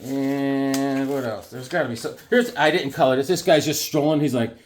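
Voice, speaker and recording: A man casually showing his drawings and comics to viewers, animated and jumping into quick silly voices. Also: mid-range voice, slight background noise. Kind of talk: casual chat to camera.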